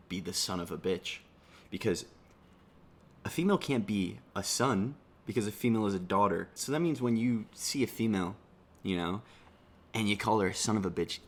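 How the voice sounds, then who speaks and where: Young male YouTuber, deep voice, sarcastic rambling comic commentary. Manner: sarcastic, rambling, swears freely. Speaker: comedy YouTuber. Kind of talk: casual comedic commentary.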